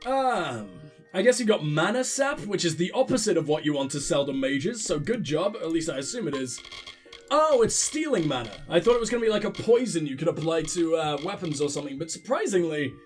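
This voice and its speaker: A man's voice: fairly high pitch, animated, fairly quick, soft background music. A man hosting a let's play, rambling and sarcastic as he comments on the game and swears freely. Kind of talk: casual gaming commentary.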